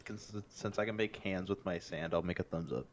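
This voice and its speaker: A man's voice: deep voice, fairly quick. An easygoing man speaking as a player in a tabletop game. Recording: mic with clear background hiss.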